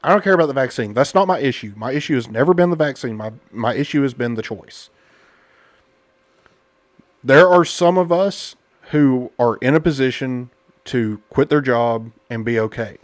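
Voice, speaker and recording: A man's voice: medium pitch, normal speed, no room sound. A man hosting a casual podcast, talking bluntly and indignantly, with many fillers. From United States. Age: adult parent. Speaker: podcast host. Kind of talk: casual political podcast chat.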